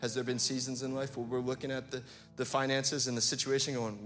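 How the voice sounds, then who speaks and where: A man preaching a sermon, reading scripture and talking to the congregation, building to impassioned, near-shouted calls. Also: mid-range voice, level tone, a little fast, faint music behind. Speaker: pastor.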